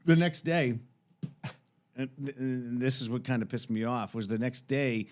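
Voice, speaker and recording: A man's voice: mid-range voice, steady tone, normal speed, darkish tone. A man in his thirties, a podcast guest, telling a story in casual chat, swearing freely and acting out both sides of phone calls.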